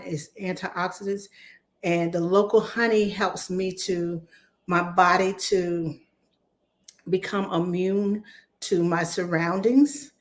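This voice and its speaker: A vlogger chats casually to camera, her lowish voice just back and slightly hoarse as she recovers from laryngitis. She's chatty, telling animated, rambling stories with restarts.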